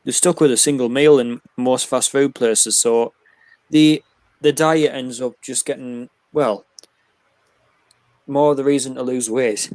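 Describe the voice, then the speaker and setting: A man's voice: medium pitch, steady tone, unhurried, darkish tone, dry recording. A man co-hosting a casual chat, rambling through a story conversationally. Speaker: co-host.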